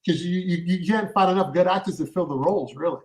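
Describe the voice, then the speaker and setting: High-voiced man explaining acting. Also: quick pace, a little mellow, poor audio. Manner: explains at length with many restarts. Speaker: podcast co-host and actor. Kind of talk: casual chat.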